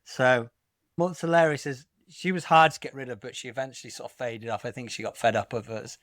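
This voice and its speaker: A man co-hosting a casual podcast chat, blunt and exasperated as he tells his stories, cursing now and then. His voice sits at an everyday middle pitch. The recording is dry and close, with no room sound. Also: steady tone, a little fast, a bit bright, no room sound. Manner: blunt, exasperated storytelling with swearing. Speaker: podcast co-host.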